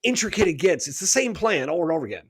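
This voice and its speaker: A man's voice: high-pitched, very animated, very fast, husky. A man co-hosting a radio talk show, talking in an emphatic, preachy way and often tossing in "right?". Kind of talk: casual spiritual talk.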